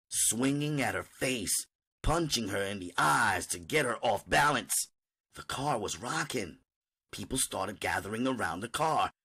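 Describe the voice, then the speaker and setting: A man reading an audiobook in first-person narration, his pitch moving freely through the lines. The delivery is animated and steady, mid-range in voice. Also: vocal fry, breathy edge.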